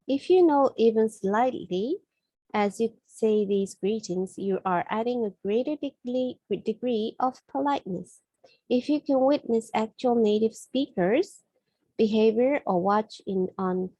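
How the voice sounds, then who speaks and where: A woman from Japan with a Japanese accent gives a language lesson in a mellow, slightly husky voice. She explains slowly and carefully, often correcting herself mid-phrase. The recording is dry and close. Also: fairly high pitch, no echo, rough recording. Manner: slow, careful explanations with frequent self-corrections. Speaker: Japanese teacher.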